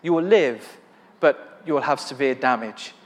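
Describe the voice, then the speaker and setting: A man's voice: medium pitch, a little slow. A man preaching a sermon with personal testimony, telling his story with rising passion and fervent declarations. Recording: long hall reverb.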